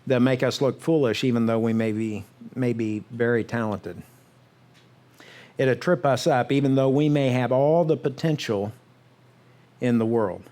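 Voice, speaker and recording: A man's voice: mid-range voice, mellow. A man preaching a church sermon in a conversational storytelling way, often checking in with the congregation and briefly acting out what the characters say. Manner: conversational storytelling with frequent "right?" asides; acts out the characters' words in quick bursts. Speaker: pastor. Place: church sanctuary.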